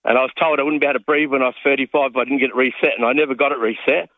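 Fast-talking man on a phone line. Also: medium pitch, fairly even intonation, no room sound. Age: 50s. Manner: rambling, self-mocking storyteller. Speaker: radio caller. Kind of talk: phone-in storytelling.

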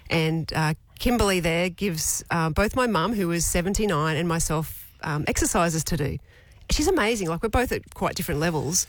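A middle-aged Australian woman co-hosting a casual chat show, telling stories in an animated way. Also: lowish voice, normal speed, hardly any pauses, no room sound. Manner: animated storyteller, acts out quotes with laughs. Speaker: co-host.

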